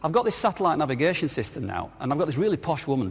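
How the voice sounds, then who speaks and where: Lively man speaking in a hall. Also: a little high, racing, gravelly, breathy edge. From northern England. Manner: jokey, anecdotal, asks the audience questions. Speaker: business speaker. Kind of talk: live conference talk. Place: large hall with audience. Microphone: clip-on lapel mic. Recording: reverberant hall.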